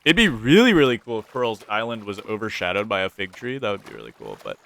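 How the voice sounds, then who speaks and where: Playful young man with a gravelly voice. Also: fairly low pitch, very animated, fast, a bit bright. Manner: playful, talks to game characters, jokey pirate voices. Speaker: gameplay commentator. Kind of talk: casual gameplay commentary.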